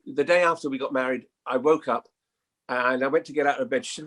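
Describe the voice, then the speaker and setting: An older man, a guest actor, telling anecdotes in an animated way and acting out the voices in them. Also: medium pitch, fast. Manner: animated storyteller, acts out voices in his anecdotes. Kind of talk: anecdotal chat.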